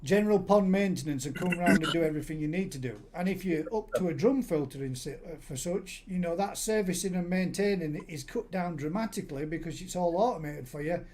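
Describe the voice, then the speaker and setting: A man in middle age hosts a casual live stream chat. He rambles through stories with frequent restarts, his voice pitched slightly high for a man. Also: fairly quick, few pauses, a little mellow. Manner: chatty, rambling storyteller with many restarts. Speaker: host. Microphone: live stream call.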